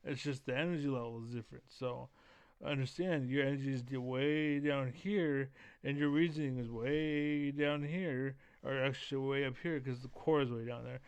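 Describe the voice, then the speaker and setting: A man's voice: medium pitch, fairly even intonation, normal speed, clean tone, no room sound. A man giving heated, profane commentary while reacting to a video, keyed up and leaning on fillers like "basically.". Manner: profane, blunt, many fillers like 'basically'. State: keyed up, energetic.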